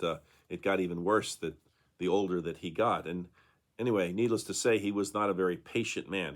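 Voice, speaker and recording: A male pastor giving a conversational daily devotional talk, with frequent fillers and tag questions. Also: sits low.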